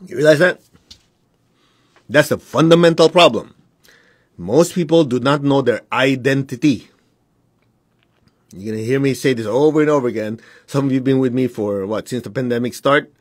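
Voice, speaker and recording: Blunt male spiritual teacher, husky voice, dry close sound, talks straight to his followers. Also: mid-range voice, moderate pace, long pauses, dry recording. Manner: blunt, direct, laughs between points.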